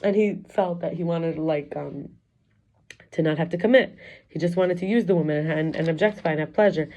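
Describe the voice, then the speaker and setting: Middle-aged woman, low mellow voice, candid rambling confessional vlog delivery. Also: brisk. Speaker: wellness coach and teacher. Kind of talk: personal reflective vlog.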